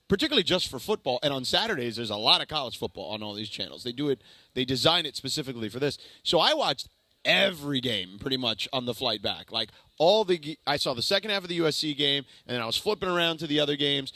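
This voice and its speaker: Brief: male sports radio co-host, bright and forceful tone, quick chatty delivery. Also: mid-range voice, no echo. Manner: chatty, easygoing, lots of agreeing fillers. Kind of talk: casual sports talk. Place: radio studio.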